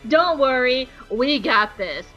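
A woman voicing a commanding male soldier squad leader who gives flat, matter-of-fact orders. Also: high-pitched, slow, dull audio, faint music behind, heavily acted. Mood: bossy.

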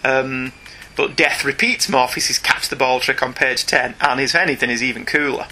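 A man's voice: medium pitch, moderate pace. A British man chatting casually and jokingly as a podcast co-host discussing comics. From Britain. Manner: chatty, jokey, animated.

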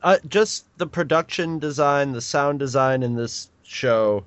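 A man's voice: medium pitch, a little slow, a bit bright, no room sound. Rambling man co-hosting a podcast. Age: 40s. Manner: rambling, with many restarts and laughs. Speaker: podcast co-host. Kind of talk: casual chat.

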